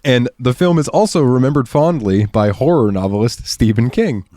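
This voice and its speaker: A man's voice: medium pitch, lively intonation, moderate pace, dark tone, dry recording, studio quality. A man on a podcast reading film trivia aloud with wry, laid-back asides in casual chat. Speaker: podcast co-host.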